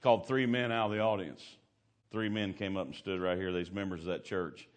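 Low-voiced guy preaching, folksy, goes from loud fired-up bursts to quiet storytelling. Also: steady tone, a little fast. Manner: fervent, swings from loud climbs to hushed storytelling; folksy, colloquial grammar. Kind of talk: sermon.

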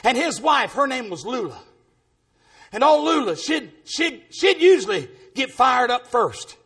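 A preacher with a strikingly high, husky voice tells stories from the pulpit. He swings between folksy asides and exuberant shouted bursts, his pitch leaping all over. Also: big pitch swings, unhurried. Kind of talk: storytelling sermon testimony.

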